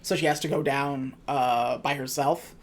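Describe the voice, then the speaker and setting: A woman's voice: rumbling low, steady tone, a little slow. A woman co-hosting a podcast, recapping a movie in casual chat with dry, sarcastic asides. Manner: recounts scenes by acting out quoted lines.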